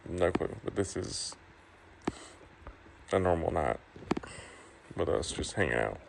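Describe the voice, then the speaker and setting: A very low, gravelly male voice, worn out and yawning as he chats late at night. It's a casual outdoor phone recording with clear noise behind him. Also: lively intonation, takes it slowly. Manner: tired, yawning, joking with a puppy. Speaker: farm vlogger. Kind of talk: casual vlog.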